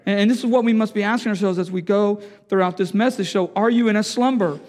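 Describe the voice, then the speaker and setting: A male pastor preaching a sermon, moving from quiet, halting storytelling to loud, impassioned pleading. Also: sits high, long reverb tail.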